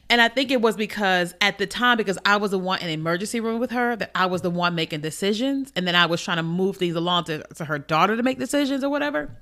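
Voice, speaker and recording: A woman's voice: mid-range voice, bright, forceful tone. A woman hosting a faith podcast, telling a personal story in an emotional, conversational way and repeating her phrases. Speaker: podcast host.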